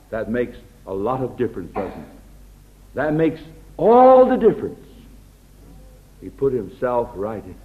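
An American man preaching a sermon in an earnest way, often dropping to a hushed, tender tone. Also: mid-range voice, big pitch swings, measured pace. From United States. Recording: tinny lo-fi phone-like recording.

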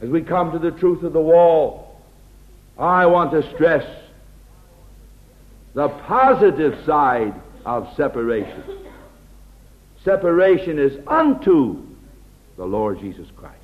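A man's voice: a little high, big pitch swings, slow pace, pauses often. American man, preaching a sermon, earnest and tender, voice rising and falling a lot, tinny phone-like sound. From United States. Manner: earnest, often drops to a hushed, tender tone.

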